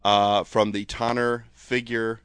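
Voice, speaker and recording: A man hosts a casual podcast in a lowish, slightly sore-throated voice. He jokes and rambles with plenty of fillers. The mic is close and dry. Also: level tone, slow pace, a bit bright, clean tone, no echo. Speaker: podcast host. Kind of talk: casual chat.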